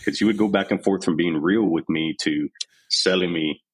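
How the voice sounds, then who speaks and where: A man from Texas with an exceptionally deep, low-pitched voice and a husky, slightly rough grain, in his forties. He speaks as a podcast guest and talks frankly and openly, acting out earlier moments by quoting the people in them. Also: normal speed, rough recording. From San Antonio, Texas, USA. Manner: frank, unguarded, retells scenes in quoted voices. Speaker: podcast guest, army veteran. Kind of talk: candid storytelling interview.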